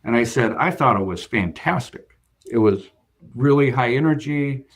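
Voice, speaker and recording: With lively intonation at a medium pitch and normal speed, a bank CFO tells a work story as an interview guest. He comes across as earnest yet hesitant, with lots of fillers and restarts.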